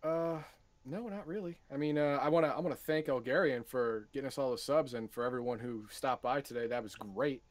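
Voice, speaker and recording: A man's voice: mid-range voice, a little fast, no echo. A man co-hosting a casual podcast, chiming in with brief dry reactions. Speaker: podcast co-host. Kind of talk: casual chat.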